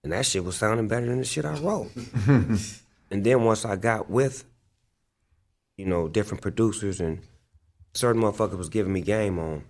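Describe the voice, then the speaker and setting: A rapper sits for an interview and spins his stories in a gravelly, slightly low voice. His talk is loose and profane, full of fillers as he circles back through memories. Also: normal speed, pauses often, a little mellow. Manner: loose, profane, filler-heavy storytelling with frequent "like". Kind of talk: casual interview storytelling.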